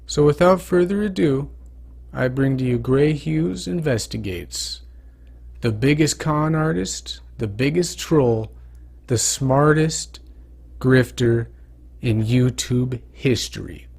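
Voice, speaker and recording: Slow, gravelly man with a mocking intro. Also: mid-range voice. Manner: mocking, deadpan. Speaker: compilation narrator. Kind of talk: dry introduction.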